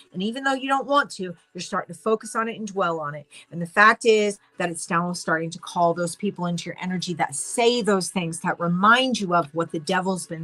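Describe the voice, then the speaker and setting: A woman giving a casual spoken tarot reading, excitable and rambling with many restarts. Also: lowish voice. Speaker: tarot reader.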